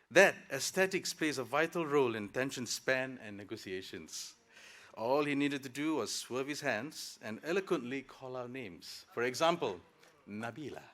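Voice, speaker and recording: A man's voice: mid-range voice, lively intonation, a little slow, a bit bright. A man from Malaysia giving a reflective, lightly humorous graduation speech to his classmates at a ceremony. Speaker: graduating student speaker. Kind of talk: convocation speech. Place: ceremony hall.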